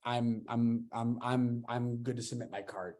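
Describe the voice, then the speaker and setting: A man's voice: mid-range voice, steady tone, a little slow, warm tone. A young man in his twenties hosting a casual podcast, talking enthusiastically and restarting his sentences as he rambles. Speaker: podcast host.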